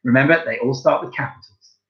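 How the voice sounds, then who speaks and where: A man teaching a recorded home-learning lesson to young children, slow and encouraging, spelling out words letter by letter. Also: mid-range voice, highs cut off. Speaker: primary school teacher.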